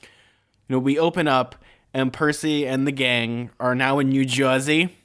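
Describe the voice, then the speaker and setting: A man's voice: mid-range voice, fairly even intonation, unhurried, a bit bright, smooth. A young man from California co-hosting a casual podcast, rambling and easygoing with lots of filler words. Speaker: podcast co-host. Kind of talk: casual chat.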